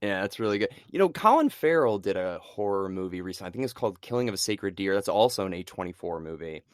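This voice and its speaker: Young man, podcast co-host, lively swooping pitch, low voice, dry close sound. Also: quick pace, no echo. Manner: enthusiastic, laughs often. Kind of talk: casual podcast chat.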